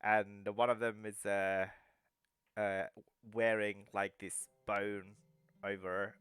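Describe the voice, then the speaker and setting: A man's voice: fairly low pitch, level tone, takes it slowly, fairly bright tone, clear, resonant tone, dry recording. A man narrating as game master of a tabletop game, rambling with many fillers and restarts.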